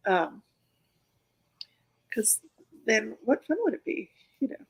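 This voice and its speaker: A woman's voice: fairly high pitch, big pitch swings, slow, vocal fry, background noise. A woman hosting her own live stream, chatting casually and rambling with many fillers and restarts. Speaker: host of a live pin-collecting stream.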